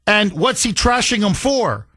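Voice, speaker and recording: A man's voice: high voice, animated, pushed and bright, husky, dry recording. A man hosting a political talk radio show, delivering combative, sarcastic commentary straight into a studio mic. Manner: combative, sarcastic, rapid-fire.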